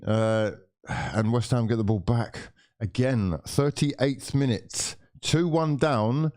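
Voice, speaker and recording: A man's voice: mid-range voice, slow, darkish tone. A young man hosting a live football watchalong, exasperated and swearing constantly as he rants at players and referees. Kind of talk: live match watchalong commentary.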